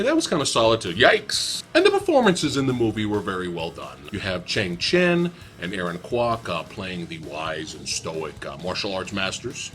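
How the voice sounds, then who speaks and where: A man's voice: lowish voice, fairly bright tone. A young man giving a casual, profane, sarcastic movie review.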